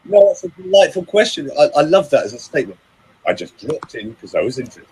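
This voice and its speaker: A man's voice: fairly high pitch, big pitch swings, quick pace, a little mellow, slight background noise, rough recording. An older man, a vocal coach and voiceover actor from the United Kingdom, chatting casually and theatrically through anecdotes. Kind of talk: casual chat.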